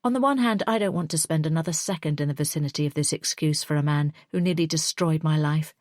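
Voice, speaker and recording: Low-voiced woman narrating a thriller. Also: darkish tone, dry recording, studio quality. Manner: tense, measured first-person storytelling. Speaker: audiobook narrator. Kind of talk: scripted audiobook narration.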